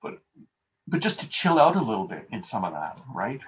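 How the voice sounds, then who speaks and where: A man's voice: lowish voice, big pitch swings, normal speed. A male pastor giving a conversational sermon over a video call, telling everyday stories with a self-deprecating touch. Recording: dull lo-fi video call audio.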